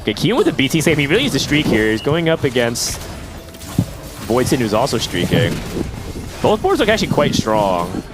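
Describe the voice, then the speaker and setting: A man casting a live esports match, chatty and quick with asides. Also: mid-range voice, huge pitch swings, over music. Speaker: esports caster. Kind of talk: casual live esports commentary.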